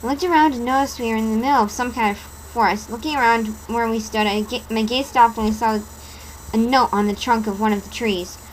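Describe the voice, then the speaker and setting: A woman's voice: a little high, a little fast, slight background noise, low-quality recording. A woman reading a horror story aloud in a dramatic storytelling style, stumbling over a word now and then. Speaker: reader.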